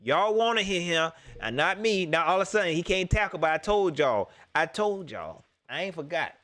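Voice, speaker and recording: A man hosting a casual sports talk stream, animated and joking, repeating his lines for effect. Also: a little high, moderate pace.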